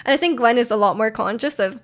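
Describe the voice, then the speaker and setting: A young woman talks casually on a stream from home into a desk mic. Her voice sits a bit high. She rambles, restarts her sentences and laughs often while answering chat. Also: fast talker. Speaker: livestreamer.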